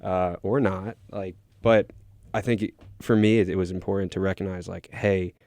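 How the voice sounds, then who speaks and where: A man's voice: sits low, moderate pace, dry recording. A young adult man talking as a podcast guest in casual chat, telling stories in a loose way with many "like"s. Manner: relaxed, filler-heavy storytelling with many "like"s.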